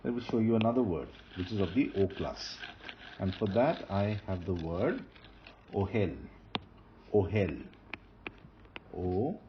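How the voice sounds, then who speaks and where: Writing on a board as he lectures, a low-voiced man explains Hebrew grammar in an animated but unhurried way, with long pauses. He patiently repeats key terms and restarts phrases, and the audio is dull, lo-fi, and faintly noisy.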